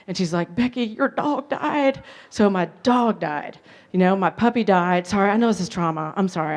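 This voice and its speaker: Woman, keynote speaker, fairly low pitch, candid self-deprecating storytelling. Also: a little mellow. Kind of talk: conference keynote talk. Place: conference hall.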